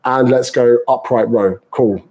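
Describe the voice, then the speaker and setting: A man's voice: medium pitch, unhurried, darkish tone, rough recording. A British man, a fitness coach, answering viewer questions live in a chatty, banter-filled way and calling people mate.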